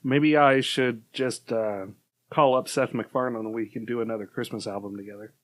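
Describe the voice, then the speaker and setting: A man's voice: mid-range voice, fairly even intonation, moderate pace. A young adult man co-hosting a podcast, chatting casually and joking with a playful laugh. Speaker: podcast co-host. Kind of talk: casual comedic chat.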